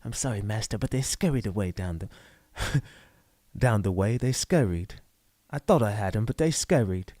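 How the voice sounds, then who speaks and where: A man's voice: on the low side, animated, normal speed, mellow, no room sound, pitched below the performer's own voice, close to an everyday voice. A man voicing a whiny, groveling creature servant begging its master.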